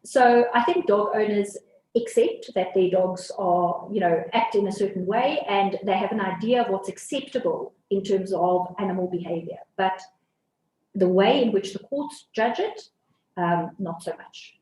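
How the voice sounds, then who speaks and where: A woman presenter finishing a talk in a measured, explanatory way. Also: mid-range voice, warm tone, echoey room, low-quality recording. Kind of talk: closing a presentation.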